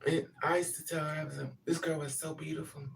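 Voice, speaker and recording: Person ranting through a personal story, middle pitch, swears a lot, gets loud and punchy, mic kinda far off. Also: fast, creaky, background noise. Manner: blunt, animated, profane, with loud emphatic bursts. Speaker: vlogger telling a personal story. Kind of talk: casual storytelling monologue.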